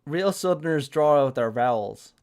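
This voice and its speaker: A man's voice: on the high side, animated, normal speed, a little mellow, clear, resonant tone. Rambling Irish man streaming a game. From Ireland. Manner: rambling, full of "like" and self-corrections. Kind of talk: casual live-stream commentary.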